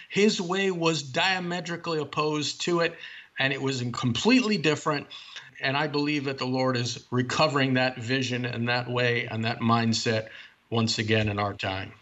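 A man's voice: fairly high pitch, sharp tone. A man speaking as the author being interviewed, laying out his points in long, earnest explanations. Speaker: author and guest. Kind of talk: interview, theological discussion.

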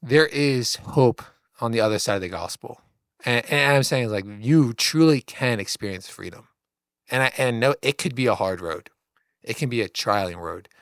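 This man co-hosts a church podcast, speaking earnestly and encouragingly in a casual style and saying "like" a lot. His medium-pitched voice is expressive and fairly bright at a normal speed, captured dry with studio quality.

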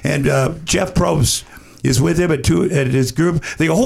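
Gravelly man telling a profane story. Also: fairly high pitch, normal speed. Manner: animated, profane anecdote-telling; acts out other people's lines. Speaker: guest. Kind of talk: casual storytelling.

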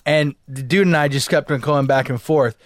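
A man in his forties co-hosting a podcast, telling a story in an animated, profane way and acting out what people said. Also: mid-range voice, moderate pace, no echo, studio quality. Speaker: podcast co-host. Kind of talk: casual storytelling chat.

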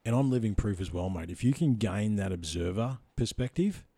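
Brief: very deep, warm male podcast host, relaxed and agreeable, dry close sound. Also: moderate pace, husky, dry recording. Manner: laid-back, agreeable, calls people mate. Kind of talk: casual podcast conversation.

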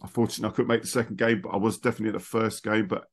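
Middle-aged man, low-ish voice, rambling chatty podcast host. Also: level tone, racing. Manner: chatty, rambling, laughs easily. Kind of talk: casual chat among friends.

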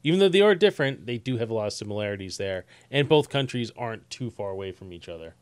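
A man's voice: lowish voice, animated, smooth. Chatty New man. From New Jersey. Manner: chatty, quick to laugh at his own jokes. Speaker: podcast co-host. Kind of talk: casual chat.

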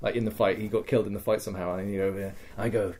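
A man's voice: lowish voice, steady tone, very fast, a little mellow. A man hosting a podcast, telling a story in casual chat. He swears freely and keeps checking in with "right?" and "okay?". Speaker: podcast host.

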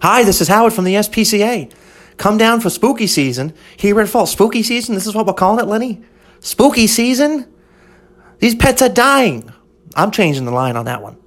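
A man's voice: lively intonation, brisk. A man voicing a flustered animal-shelter ad announcer who keeps redoing his takes. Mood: irritated. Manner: cheery ad pitch breaking into irritated rants.

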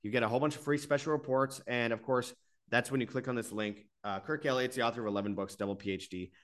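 This alternative media host speaks quickly, his mid-range voice a bit bright and fairly even in intonation. Exasperated and repetitive, he keeps rising into bursts until he reaches the sponsor reads on his channel.

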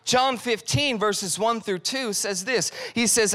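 In a high-pitched, slightly bright voice, a pastor speaks slowly through a casual, conversational sermon. He acts out texts and how he reacted to them as part of a story, sprinkling in lots of "like."

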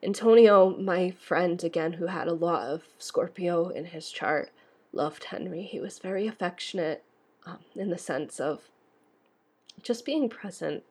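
A woman's voice: fairly low pitch, unhurried, a little mellow, breathy edge. A young woman hosting an astrology podcast, talking in a rambling, tearful way with lots of fillers and restarts. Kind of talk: emotional podcast monologue.

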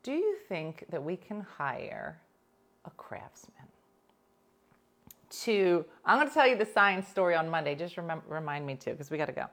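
A woman's voice: on the low side, brisk, few pauses. Chatty middle-aged Philly woman host. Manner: chatty, animated, peppered with "like" and laughs. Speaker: morning show host and comedian. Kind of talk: casual chat, storytelling.

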